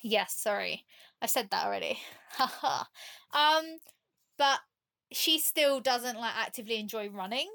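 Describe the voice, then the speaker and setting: Woman, podcast guest, casual chat, rambling, laughs a lot, slightly high voice. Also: lively intonation, measured pace, gravelly, long pauses, pushed and bright. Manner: chatty, rambling storyteller who laughs often.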